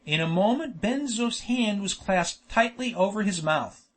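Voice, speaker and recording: A man narrating a novel as an audiobook, in a measured, expressive storytelling manner. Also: high-pitched. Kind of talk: scripted narration.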